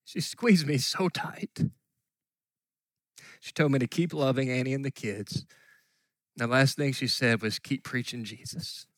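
A middle-aged man preaching a sermon, telling a story earnestly and dropping at times to soft near-whispers. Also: mid-range voice, a little slow, long pauses, no room sound. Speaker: pastor.

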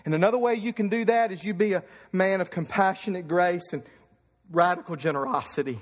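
A man's voice: sits high, a little fast, long reverb tail. A man in his thirties from Kentucky preaching a fervent sermon, telling stories from the pulpit. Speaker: pastor.

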